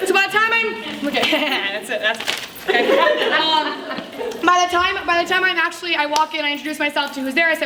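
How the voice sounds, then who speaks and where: A woman's voice: high voice, fast talker, noisy background. A woman from upstate New York giving a chatty, upbeat motivational talk at a sales summit, acting out party small talk and laughing often. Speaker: direct sales speaker at a summit. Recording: echoey hall, mic from a distance.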